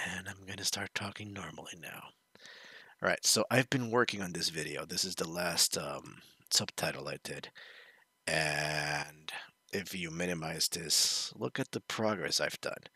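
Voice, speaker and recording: A man with a low, gravelly voice chats casually to his viewers as a video host. His tone is bright and forward but a little husky. The sound is dry and close, with no room echo. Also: measured pace. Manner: chatty, addresses viewers directly, sometimes drops to a whisper. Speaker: video host reacting to a web series. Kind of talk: casual reaction commentary.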